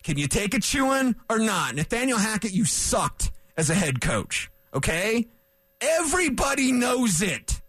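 A man's voice: sits high, sing-song, a little slow, a bit bright, slightly rough, no echo. A male sports radio host delivering a fired-up, combative rant in a studio, hammering his points with repetition. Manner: emphatic, combative, repeats points for punch.

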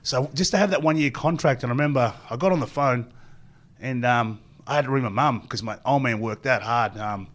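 A man's voice: mid-range voice, fairly quick. A middle-aged man with an Australian accent, a former rugby player telling long rambling stories as an interview guest and acting out what others said. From Queensland, Australia. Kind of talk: storytelling interview.

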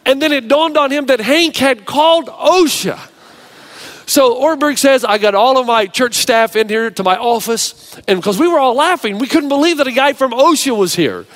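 A man pastor preaching a sermon, telling stories with an animated, varied delivery. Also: very high voice, normal speed.

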